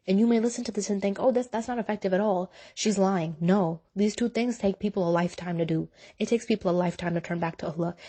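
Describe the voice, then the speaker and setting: A young woman giving a heartfelt, casual motivational talk on faith, speaking earnestly and directly to her listeners with relaxed slang. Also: medium pitch. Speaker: Muslim advice speaker.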